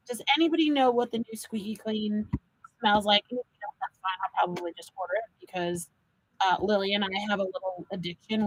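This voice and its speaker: A woman hosts a live card-making demo, chatting with viewers and guiding them through each step like an animated storyteller. Her voice is mid-range, and the recording is dry with poor audio quality.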